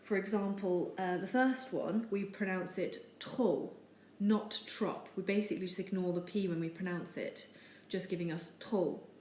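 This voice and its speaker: A woman teaching over slides, with a steady, patient delivery and frequent ums. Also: fairly low pitch, normal speed. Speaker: French teacher. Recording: echoey room with faint noise.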